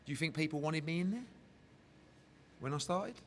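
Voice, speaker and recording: A man who works as a boxing promoter, talking candidly in a casual interview, animated and swearing freely as he tells stories. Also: a little high, moderate pace, slight background noise. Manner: animated, heavy swearing, emotional storytelling.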